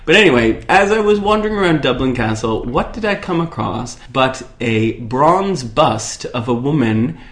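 A man's voice: medium pitch, animated, normal speed, hardly any pauses, a bit bright. An American man co-hosting a podcast, talking in a casual, playful and digressive way. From United States. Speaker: podcast co-host. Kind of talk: casual chat.

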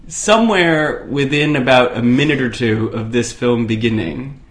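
A man's voice: mid-range voice, a little slow. An American man co-hosting a podcast, talking in a casual, playful and digressive way. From United States. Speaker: podcast co-host. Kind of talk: casual chat.

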